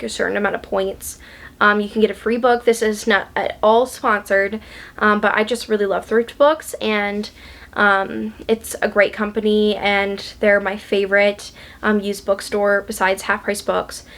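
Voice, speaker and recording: A woman's voice: medium pitch, flat delivery, normal speed, a bit bright. A woman book vlogger in a casual chat, gushing and chatty, with lots of ums and likes.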